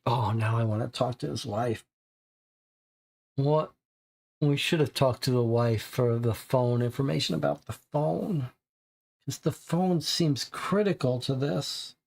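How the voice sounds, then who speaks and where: A man's voice: medium pitch, measured pace, vocal fry, darkish tone. A man playing a detective board game, reading cards and reasoning through clues aloud.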